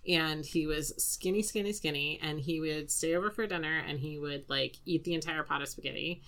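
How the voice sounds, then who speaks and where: A woman in a book club chat, with a slightly low voice. She tells stories at a relaxed, easy pace, in the loose way of a friend talking. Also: a little fast. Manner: relaxed anecdotal storytelling. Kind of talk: casual chat.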